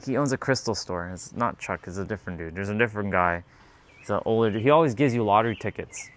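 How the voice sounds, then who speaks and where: A man's voice: lowish voice, animated, quick pace. A man chatting casually and reading out viewer comments, rambling with many fillers and laughing easily.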